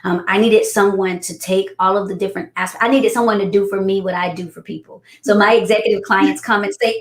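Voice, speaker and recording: Middle-aged woman coach, lively storyteller, mid pitch, roomy echo. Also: fast, few pauses. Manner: animated storyteller, acts out quotes in high voices. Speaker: guest business coach. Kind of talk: casual chat. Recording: echoey room.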